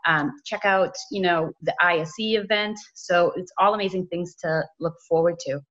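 A woman's voice: lowish voice, moderate pace, fairly bright tone, lo-fi sound. A woman hosting a casual podcast interview, rambling with lots of "you know" fillers. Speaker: podcast host.

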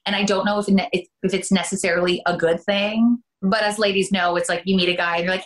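A woman's voice: mid-range voice, steady tone, fast, hardly any pauses, a bit bright. A Canadian woman, an actress, chatting in an interview, talkative with laughing asides. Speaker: soap opera actress, guest. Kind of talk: casual interview chat.

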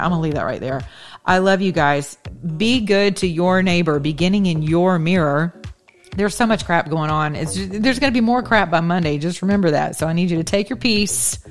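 Woman host, low-pitched, emphatic and folksy, soft music bed. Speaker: show host. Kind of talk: impassioned casual monologue.

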